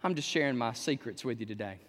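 A male pastor preaching a sermon in a church, animated, with sudden shouts and humorous asides. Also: mid-range voice, fast talker. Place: church sanctuary. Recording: echoey church hall.

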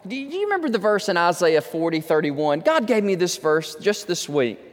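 A man's voice: sits high, very animated, normal speed, big-room sound. A man preaching a sermon, talking conversationally and building to impassioned pleading. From Texas. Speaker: pastor.

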